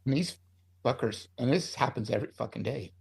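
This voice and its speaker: A man's voice: mid-range voice, fairly quick, creaky, darkish tone, slightly rough. A middle-aged man, a screenwriter being interviewed, talking in a heated, profane, rambling way. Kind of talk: casual interview talk.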